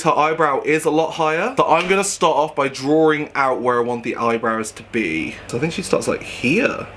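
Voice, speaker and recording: Young man, camp and gossipy makeup-tutorial host, bright voice, faint room hum. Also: on the high side. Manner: chatty, camp, gossipy, laughs often. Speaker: drag performer doing a makeup tutorial. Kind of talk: casual makeup tutorial chat.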